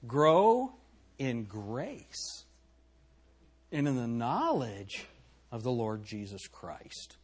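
A man's voice: medium pitch, very animated, extremely slow, pauses often, slightly rough. A middle-aged man preaching a sermon in a church, throwing rhetorical questions at the congregation. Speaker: pastor.

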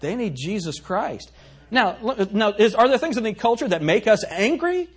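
Animated preacher man, husky. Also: sits high, normal speed. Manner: animated preaching, swings from soft to loud. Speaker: pastor. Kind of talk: sermon.

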